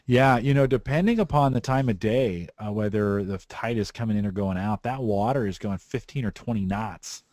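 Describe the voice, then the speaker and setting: A man from the San Francisco Bay Area hosting a podcast, talking in a relaxed, rambling way. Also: fairly low pitch, normal speed, few pauses, no room sound. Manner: relaxed, rambling, frequent restarts. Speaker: podcast host. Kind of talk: casual chat.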